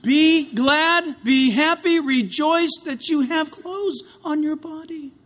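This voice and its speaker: A man preaching a sermon, swinging between loud outcries and hushed asides, with a dramatic delivery. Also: very high-pitched, slow.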